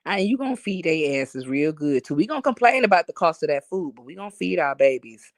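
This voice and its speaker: A woman live-streaming in casual chat, telling profane, animated stories and talking to her viewers. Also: deep voice, a little fast, dry recording, studio quality. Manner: talks to chat and reads comments aloud.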